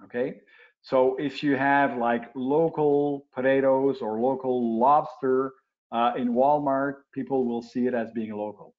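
Older francophone man, expert guest, halting restarts, muffled webinar sound. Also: mid-range voice, steady tone. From Quebec, Canada. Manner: explanatory, with frequent restarts and uh fillers. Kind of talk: webinar interview answers. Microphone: video call. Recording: lo-fi webinar audio.

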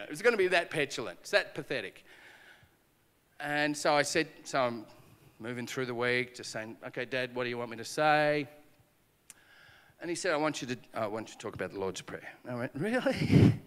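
With a mid-range voice and moderate pace, this male pastor gives a conference-hall sermon that echoes with a long reverb tail. He tells stories, voices the dialogue himself and pokes fun at himself.

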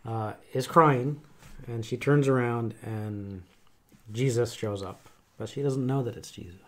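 Halting, thoughtful male chaplain. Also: mid-range voice. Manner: thoughtful, halting, many fillers. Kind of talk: casual conversation.

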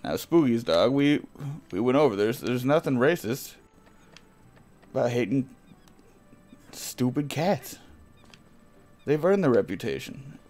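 A crude, cat-hating talking dog, played by a man streaming a game rants and grumbles in a middling voice. He talks slowly and drags out his complaints. Every so often he breaks into barks and yells. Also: mid-range voice, big pitch swings. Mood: grumbling. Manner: crude, ranting, growls and barks, bursts of yelling. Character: gruff cat-hating talking dog, adult male, easily angered. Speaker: streamer playing a character. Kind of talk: in-character live game stream.

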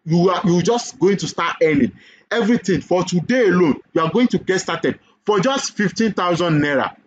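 A Nigerian-accented man with a fairly high voice delivers a persuasive sales webinar pitch, checking in with "okay?" and firing questions at the listener. The recording is dull and lo-fi, with a faint hiss underneath. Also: lively intonation, moderate pace. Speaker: online business coach.

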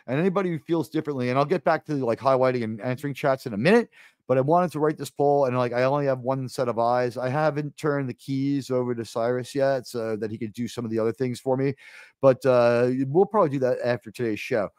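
A chatty man with a New York accent hosts a live stream in a middle-pitched voice. He rambles, breaks off and restarts his sentences, and now and then jumps into loud animated bursts. The sound is close and dry, with no room echo. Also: fast talker. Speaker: livestream host. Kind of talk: casual live-stream chat.

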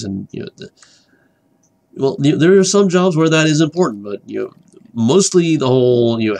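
A man's voice: lowish voice, a little hiss or hum. Rambling man narrating a game. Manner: rambling, repeats words, gets distracted and whispers excitedly. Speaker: gaming commentator. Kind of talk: rambling let's-play commentary.

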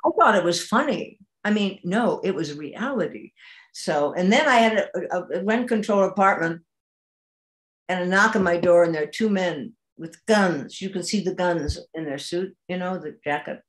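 An older actress, a woman, telling a lively anecdote in an interview with laughter and animation. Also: lowish voice, moderate pace. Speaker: actress guest. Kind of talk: anecdotal storytelling.

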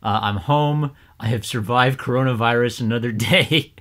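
Bright-voiced man ranting in a vlog. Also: mid-range voice, normal speed. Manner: animated, laughing often, gets louder when excited. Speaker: YouTuber. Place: at home.

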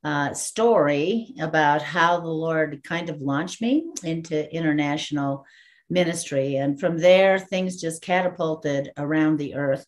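Speaking a little slowly in a low-pitched voice, a Texas woman appears as a guest minister in an interview. She's a lively storyteller who acts out dialogue and laughs frequently while recounting her story.

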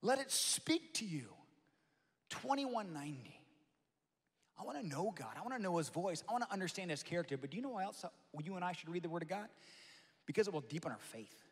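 A male pastor preaching a sermon, swinging between loud emphatic lines and soft hushed asides. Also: sits high, expressive, fast talker, breathy edge. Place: large church hall. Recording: long hall reverb.

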